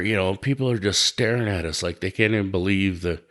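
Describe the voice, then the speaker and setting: A man's voice: low-pitched, brisk, hardly any pauses, a bit bright. A man hosting a podcast, telling profane stories and laughing often as he goes. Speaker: podcast host. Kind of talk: casual storytelling.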